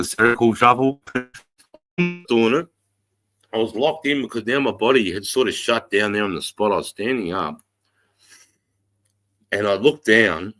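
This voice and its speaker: A middle-aged Australian man hosting a livestream, telling a long story in a rambling, profane, animated way. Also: on the low side, moderate pace, long pauses. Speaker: livestream host.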